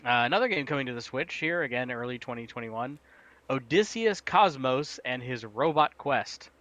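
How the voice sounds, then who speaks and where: A man's voice: medium pitch, lively intonation, normal speed, a bit bright, poor audio. A man co-hosting a casual live stream chat, rambling through game news with lots of fillers and laughs.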